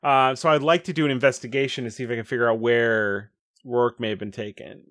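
A man's voice: mid-range voice, steady tone, fast, a bit bright. A man playing a tabletop game with dry, wry humor. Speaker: player.

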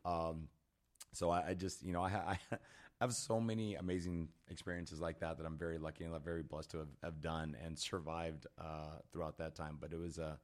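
A man's voice: rumbling low, level tone, fairly quick. A man on a podcast as the guest, telling a story animatedly with lots of fillers and laughter. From Texas. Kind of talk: casual storytelling.

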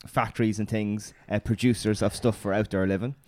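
A man's voice: fairly low pitch, fairly even intonation, a little fast, darkish tone, dry recording. An Irish man co-hosting a podcast, chatting casually with frequent hesitations and restarts. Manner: hesitant, many fillers and restarts. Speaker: podcast co-host. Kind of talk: casual chat.

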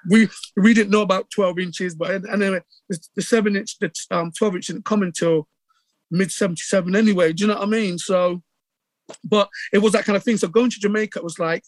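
A middle-aged man with a Bristol accent, telling stories in a casual interview with lively acted-out quotes and many restarts. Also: sits high, fairly quick, no room sound. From England. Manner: animated storyteller, acts out quotes, many restarts. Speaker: radio DJ guest.

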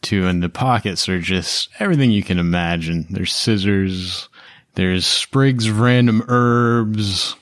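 A man's voice: fairly low pitch, unhurried, no echo, studio quality. A man narrating a tabletop game as game master in a casual, rambling way with laughing asides.

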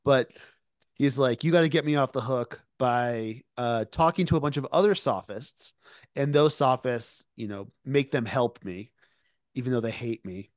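A man's voice: mid-range voice, moderate pace, dry recording. Podcast cohost guy, chatty, lots of you knows and ums, dry mic. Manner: chatty retelling, many fillers. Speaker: podcast co-host. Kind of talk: casual discussion.

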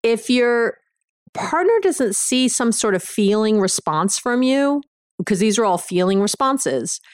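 A woman hosting a podcast who gives relationship advice in a frank, animated way, acting out quick examples and asides. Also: a little high, no echo, studio quality. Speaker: podcast host, relationship coach. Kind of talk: casual advice talk.

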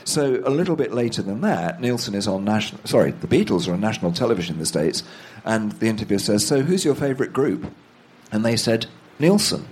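The guest here is an author whose voice is on the low side and darkish, delivered at a quick, animated pace with few pauses over a little hiss or hum. Across this conversational storytelling interview, he recounts long anecdotes, acts out quoted voices, and chuckles at his own stories.

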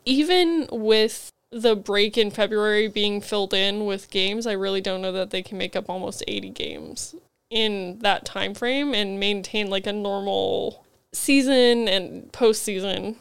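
A young woman with a head cold and a raspy voice, co-hosting a casual chat podcast. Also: mid-range voice, measured pace. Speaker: podcast co-host.

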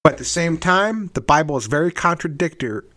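A young man with a high-pitched voice that swings widely, trading profane, laughing jabs in a casual argument. He sounds animated and combative, though always jokey. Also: a little fast.

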